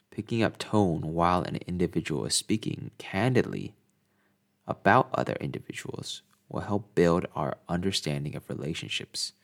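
A man giving a scripted lesson in a measured, deliberate way. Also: low voice, creaky. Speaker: instructor.

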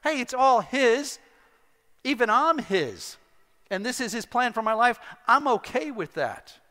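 Animated, bright-voiced male pastor preaching. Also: extremely high pitch, measured pace. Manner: animated storytelling with self-deprecating humor. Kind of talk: sermon. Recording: long hall reverb.

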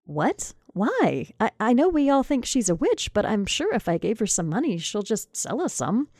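A woman's voice: a little high, big pitch swings, normal speed, darkish tone, dry recording, pitched above the performer's own voice. An anxious young husband who frets, stammers and keeps trying to please, as a woman reading the story puts him on. He sounds eager and worried. The recording is dry and close, as in a storybook podcast. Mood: flustered. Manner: stammering, placating.

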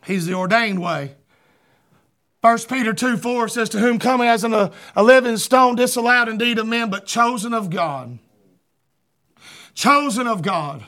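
A man preaching a fervent sermon, often shouting and stumbling over repeated words. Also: very high voice, measured pace.

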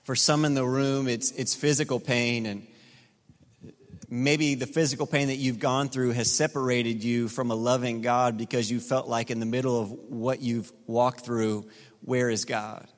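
A middle-aged pastor preaching an impassioned sermon in a large church. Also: male voice, mid-range voice, level tone, unhurried. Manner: impassioned preaching, rising to fervent peaks. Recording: reverberant large hall.

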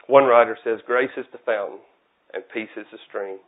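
A man's voice: on the low side, moderate pace. A man preaching a casual, conversational sermon, folksy and self-deprecating. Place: church. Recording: tinny phone-like audio.

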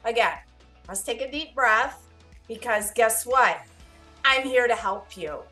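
A woman hosting a Medicare podcast in an upbeat, reassuring monologue, expressive and playfully dramatic as she talks listeners through their worries. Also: fairly high pitch, a little slow, soft background music. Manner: expressive, playfully dramatizes panic then soothes. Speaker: podcast host and Medicare advisor.

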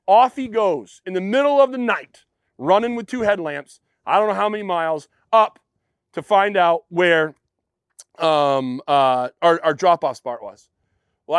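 A high-pitched pastor delivers a sermon, telling a personal story, acting out what people said, and putting questions to his listeners. The studio-quality audio has no room sound.

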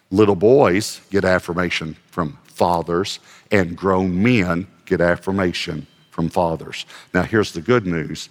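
A man's voice: deep voice, big-room sound. A male pastor giving a conversational sermon, reading scripture aloud and adding light self-deprecating humor.

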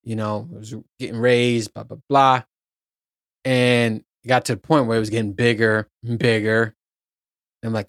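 A solo podcast host rambles through a casual chat, swearing freely and laughing at his own points. His medium-pitched voice is flat and at normal speed, captured in studio quality with no room sound.

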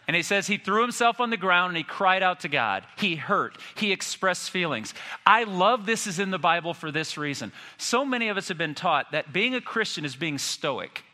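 Animated man in his fifties preaching. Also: a little high, big-room sound. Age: 50s. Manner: animated storytelling with self-deprecating humor. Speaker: pastor. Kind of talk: sermon.

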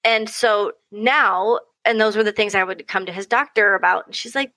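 A young woman who's a mother chats as a podcast guest at a moderate pace, her mid-range voice caught in a dry, low-quality recording. Her storytelling is animated, full of acted-out quotes and frequent laughter.

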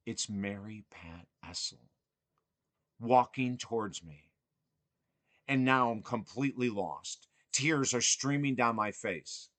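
A man hosting a podcast, telling a personal story earnestly and emphatically, swinging between excited and hushed. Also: mid-range voice, slow pace, dry recording. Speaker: podcast host.

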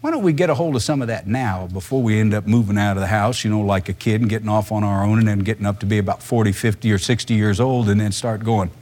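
A man's voice: lowish voice, quick pace, few pauses, darkish tone. A male pastor, preaching a sermon in a conversational, emphatic way full of rhetorical questions.

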